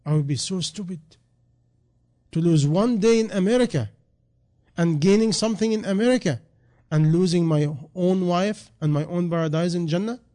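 A man preaching with a somewhat high voice and plainly non-native English phrasing. He moves from hushed, reflective storytelling to loud, rising exhortations, stressing each repeated line. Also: moderate pace. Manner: shifts between quiet reflective lines and loud, rising emphatic calls. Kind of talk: sermon.

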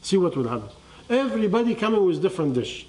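High-voiced man preaching to a crowd. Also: big pitch swings, fast talker, darkish tone. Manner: quizzes listeners with rhetorical questions. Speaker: religious teacher. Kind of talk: sermon to a live audience.

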